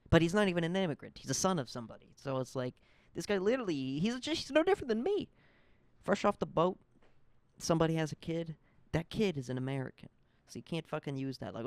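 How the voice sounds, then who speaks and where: A man's voice: a little high, sing-song, brisk, gravelly, a little mellow, no room sound. A young man in his twenties hosting a podcast, telling a rambling, profane story in a casual, fired-up rant. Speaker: podcast host. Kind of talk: casual ranting monologue.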